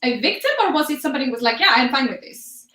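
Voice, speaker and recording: Bright, high young woman in an echoey room. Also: animated, racing. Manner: playful and teasing, steering the talk. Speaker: podcast co-host. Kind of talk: casual chat.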